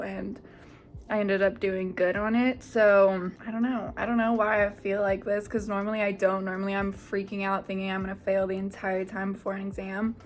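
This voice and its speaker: A woman's voice: medium pitch, slight background noise. A young woman in her twenties, a nursing student, chatting casually to camera in a rambling way, full of "like" and "I don't know". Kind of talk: casual vlog chat.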